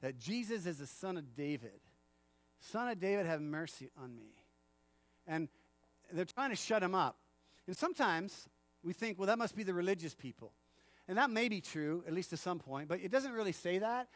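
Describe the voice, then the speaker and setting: A man preaching a sermon in a church, animated, acting out the quotes and laughing often. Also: high-pitched, fairly quick, dry recording. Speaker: pastor.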